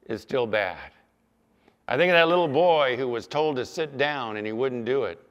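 A male pastor preaching a sermon, animated, sometimes mimicking whiny apologies in a raised voice. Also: fairly high pitch, normal speed. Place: church sanctuary. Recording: long church reverb.

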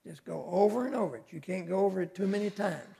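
A man's voice: sits high, lively intonation, fast, vocal fry, warm tone, slightly rough. An older man teaching a Sunday school class in a folksy, conversational way, with homespun asides. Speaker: Bible teacher.

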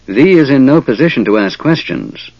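A man's voice: medium pitch, big pitch swings, moderate pace, breathy edge, dry recording, muffled recording, pitched above the performer's own voice. A man voicing a commanding male centaur leader who speaks in archaic thee-and-ye phrasing, giving cool, stern orders.

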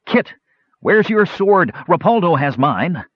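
A man's voice: high voice, very animated, takes it slowly, dry recording, voice pushed up, full character voice. A man voicing a brave young male knight, who calls out in a bold, commanding way. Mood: defiant. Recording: slightly dull lo-fi recording.

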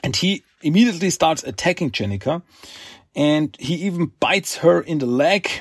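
A man hosting a podcast, recapping a comic book in a rambling, halting way with fillers. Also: on the high side, lively intonation, slightly rough, no room sound, studio quality. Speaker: podcast host.

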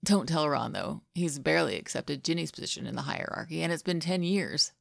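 A woman's voice: deep voice, expressive, fairly quick, gravelly, no room sound, studio quality, exaggerated voice. A woman voicing an earnest, lovestruck adult man in a podfic of fan fiction, plain and slightly choked.

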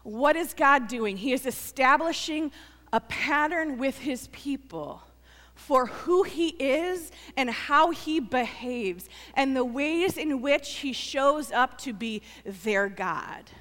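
A woman pastor preaching a sermon, earnest and emphatic, repeating phrases for weight and then dropping to a soft, quiet close. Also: high voice, animated, takes it slowly, big-room sound.

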